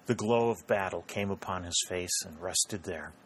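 A man reading a historical novel aloud as audiobook narrator, in a measured, even storytelling manner. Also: deep voice, slight background noise. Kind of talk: scripted narration.

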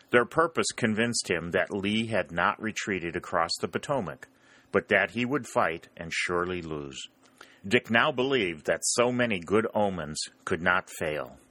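A man narrating a historical novel in a steady, plain reading style. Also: deep voice, no echo. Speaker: audiobook narrator. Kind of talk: storybook narration.

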